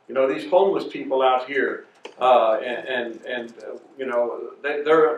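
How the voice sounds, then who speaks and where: A man's voice: medium pitch, unhurried, dull audio. A man teaching an adult Bible class, talking conversationally with many fillers and restarts. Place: church classroom. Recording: echoey room from far off.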